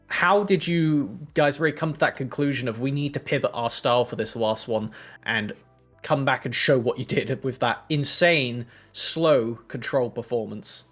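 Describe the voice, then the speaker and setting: Man casting esports with analytical energy. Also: mid-range voice. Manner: analytical, lively play-by-play. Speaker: esports caster. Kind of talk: esports commentary.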